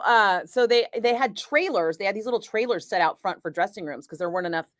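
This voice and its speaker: A woman's voice: on the low side, no room sound, studio quality. Chatty middle-aged radio host woman. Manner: chatty, animated, laughs often. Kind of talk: casual storytelling chat.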